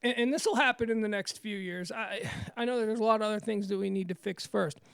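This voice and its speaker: Give me a woman hosting talk radio, a creaky voice, telling stories and acting out quotes. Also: medium pitch, fast talker, dry recording. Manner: animated storyteller, acts out quotes. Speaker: radio show host. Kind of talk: casual talk radio chat.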